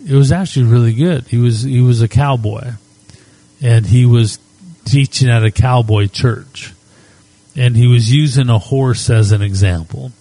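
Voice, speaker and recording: A middle-aged man preaching as a pastor, moving between quiet spoken prayer and reflective storytelling. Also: medium pitch, no echo, rough recording. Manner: unhurried, reflective storytelling with soft prayerful asides.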